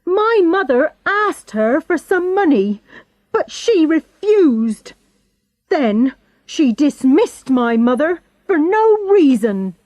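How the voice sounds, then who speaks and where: Bitter young manservant, acted by a woman, raised high and slow, defensive tone, dry close sound. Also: big pitch swings, a little mellow, dry recording, full character voice. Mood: angry. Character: resentful young male servant with a bad leg.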